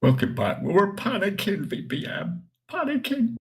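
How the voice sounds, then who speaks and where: A man's voice: high voice, lively intonation, moderate pace, gravelly, slightly rough. A man in a voice chat, talking in a dry, teasing, casual way. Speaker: voice chat participant.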